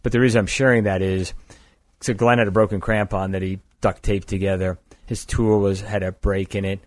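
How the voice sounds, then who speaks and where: An older man from the East Coast of the United States tells his story in a steady, matter-of-fact way, his voice sitting low. He is recorded up close and dry, with no room sound, as a guest at a podcast table. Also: a little fast, dry recording. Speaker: guest, climbing gear company founder. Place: indoors across a table.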